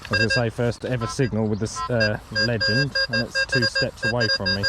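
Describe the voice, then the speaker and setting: A man with a somewhat low, steady voice talks briskly while setting up and using a metal detector in an open farm field, with loud music playing behind him. He's casual and rambling, hesitating with many ums and self-corrections.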